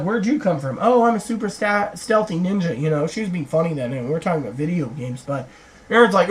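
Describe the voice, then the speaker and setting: A woman's voice: lowish voice, expressive, a little fast, low-quality recording. A middle-aged woman vlogging a long, rambling reply to viewer comments, retelling conversations and acting out other people's lines. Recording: faint background hiss.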